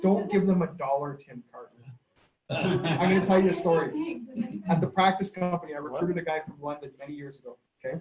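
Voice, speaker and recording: A man, a company head giving a sales training in a lively, storytelling way. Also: fairly high pitch, brisk, a crowd in the background. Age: 30s. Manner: energetic, conversational, storytelling with laughs. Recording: echoey room.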